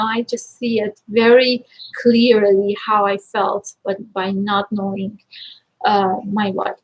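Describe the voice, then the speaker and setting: A woman coach talking casually to viewers on a live stream, energetic and upbeat, effusively thankful and at times close to tears. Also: a little high, low-quality recording. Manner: emotional, near tears at times. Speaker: life and money mindset coach.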